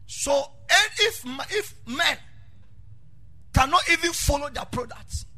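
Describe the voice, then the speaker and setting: High-voiced preacher shouting and singing. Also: male voice, expressive, slow pace. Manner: swings from murmuring to sung shouts. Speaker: pastor. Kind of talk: sermon. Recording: faint music behind.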